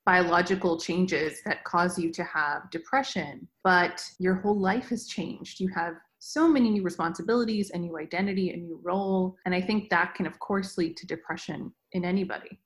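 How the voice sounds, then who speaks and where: Woman, expert guest, lowish voice, calm and reassuring, explanatory. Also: normal speed, hardly any pauses. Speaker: mental health expert guest. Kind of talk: explanatory interview answers.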